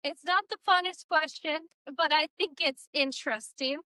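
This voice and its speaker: Bright, high, animated woman co-host. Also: normal speed, dry recording. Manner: animated, playful teasing. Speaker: podcast co-host. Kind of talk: casual chat.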